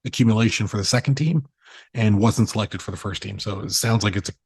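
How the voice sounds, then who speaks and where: A man in his thirties, co-hosting a casual podcast, telling animated stories and swearing freely. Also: on the low side, fast talker, vocal fry, slightly rough, dry recording, studio quality. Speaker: podcast co-host. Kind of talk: casual chat.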